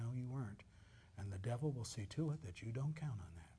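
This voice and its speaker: A male pastor preaching a sermon, swinging from loud emphasis to near whispers. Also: mid-range voice, animated, a little fast, slight background noise.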